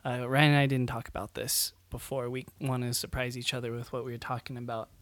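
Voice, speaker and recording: A man's voice: mid-range voice, flat delivery, brisk, fairly bright tone, no room sound. Young guy rambling thru a podcast story, lots of "like" and "um", medium voice, dry sound. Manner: rambling, many fillers, laughs while telling stories. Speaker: podcast co-host. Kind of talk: casual chat.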